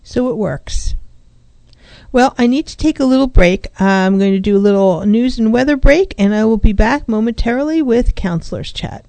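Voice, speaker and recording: Warm-voiced woman therapist hosting radio. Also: fairly high pitch, normal speed, dry recording. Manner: reflective, speaks in first person about feelings. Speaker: therapist and radio show host. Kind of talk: casual radio talk. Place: small studio. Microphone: studio microphone with headphones.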